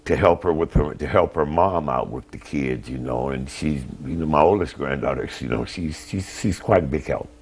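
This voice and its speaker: Older grandpa, very low voice, plain halting talk in a TV interview. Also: male voice, a little mellow, slight background noise. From Ohio. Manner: plain, halting, retells phone calls. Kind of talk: emotional interview answers.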